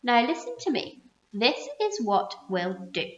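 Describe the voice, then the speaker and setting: A woman voicing an earnest, resourceful young boy who calmly explains his plan in a storybook reading. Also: on the high side, unhurried. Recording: roomy muffled recording.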